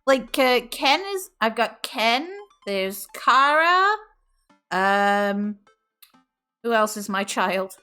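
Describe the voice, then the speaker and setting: A woman streamer in casual chat, her voice high and bright. She giggles through her lines, swears freely and keeps a playful, teasing tone, with faint music under her. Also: lively intonation, drawn-out words, clean tone.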